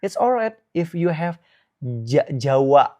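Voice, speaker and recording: A man with an Indonesian accent, an Islamic teacher giving relaxed advice as a guest in a talk, with measured, drawn-out phrasing and emphasis. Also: fairly high pitch.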